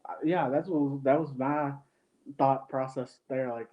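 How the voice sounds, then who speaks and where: A man hosting a podcast, chatting casually with a guest and asking questions in a relaxed way. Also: medium pitch, unhurried, narrow, tinny audio. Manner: relaxed, brief acknowledgements. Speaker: podcast host. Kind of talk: casual interview chat.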